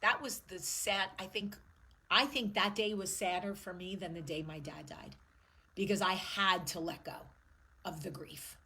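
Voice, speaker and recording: Husky-voiced woman, raw and candid. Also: lowish voice, unhurried, sharp tone, low-quality recording. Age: 40s. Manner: emotional, blunt, swears freely. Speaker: show host. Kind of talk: candid personal vlog monologue.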